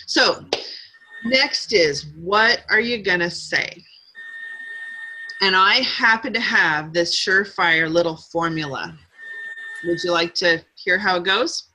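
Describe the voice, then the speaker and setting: A woman's voice: lowish voice, slow pace, long pauses, pushed and bright, poor audio. A middle-aged woman leading a live sales training session, upbeat and coaching, drawing call-and-response from her group.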